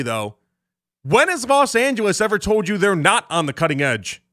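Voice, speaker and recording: A male sports radio host with a high, ringing, bright voice. He talks in an animated rapid-fire rant full of jokes and asides, keeping his listeners in on the argument. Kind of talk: sports talk radio monologue.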